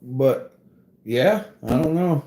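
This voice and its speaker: A man's voice: medium pitch, takes it slowly, mellow. A man chatting casually, telling a rambling story full of swearing and "bro" and "dude" as he talks to a live chat about tree climbing. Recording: echoey room.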